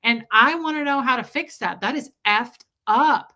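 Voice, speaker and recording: Bright-voiced woman chatting on a livestream. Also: fairly high pitch, normal speed. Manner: rambling, trails off and restarts mid-sentence. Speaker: livestream host reading viewer comments. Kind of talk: casual livestream chat.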